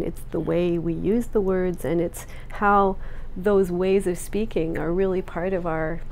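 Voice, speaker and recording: Mellow-voiced woman explaining eagerly. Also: mid-range voice, slight background noise. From Canada. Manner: enthusiastic, explanatory. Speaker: linguistics researcher. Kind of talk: filmed documentary interview.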